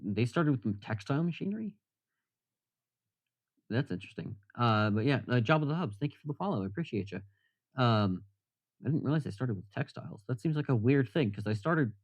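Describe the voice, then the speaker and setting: A man's voice: fairly low pitch, a little mellow, dry recording. Rambling man chatting on a live stream. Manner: rambling, self-deprecating, chatting with viewers. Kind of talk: casual live-stream chat.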